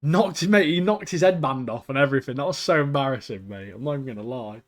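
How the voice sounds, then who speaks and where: A man in easygoing podcast chat, his voice sitting in an ordinary middle pitch. He talks eagerly and scatters "mate" and "like" through every sentence. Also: quick pace. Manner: enthusiastic, peppers talk with "mate" and "like". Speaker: podcast co-host. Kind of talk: casual chat.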